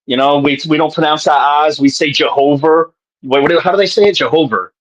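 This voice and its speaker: A man's voice: on the high side, fast. A man from Rhode Island in a casual call-in chat who jokes around and laughs easily. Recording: dull lo-fi call audio.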